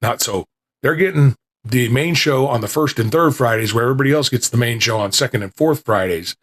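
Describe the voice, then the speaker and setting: In a brisk, medium-pitched voice, the host of a small podcast talks casually in a rambling, self-deprecating way, restarting his sentences. Then he reads aloud from an old lecture, his voice not yet fully recovered.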